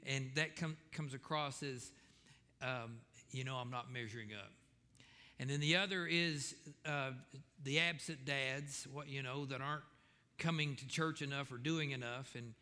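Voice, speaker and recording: A man's voice: mid-range voice, pushed and bright. Man preaching in an echoing sanctuary. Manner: conversational, with frequent fillers and restarts, rising to emphatic questions. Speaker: pastor. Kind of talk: sermon. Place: church sanctuary.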